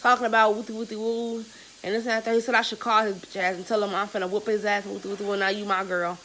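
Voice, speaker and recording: A young woman vlogger telling a story in a casual, animated, slangy and profane way. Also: mid-range voice, quick pace, slight background noise, poor audio.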